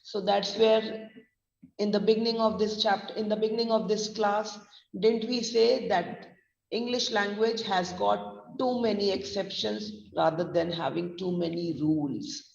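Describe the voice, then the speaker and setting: Teaching pronunciation in an online lecture, a Gujarati-accented woman spells words out one letter at a time and slips into Hindi. She speaks a little slowly in a steady, mid-range, gravelly and darkish voice, captured in distant, roomy, muffled lo-fi sound.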